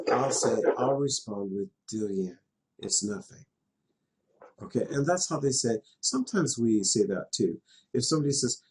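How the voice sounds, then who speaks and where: A middle-aged man from Canada's West Coast teaches a class in a virtual world, his medium-pitched voice carrying a darkish tone. He's patient and chatty, laughing now and then as he explains.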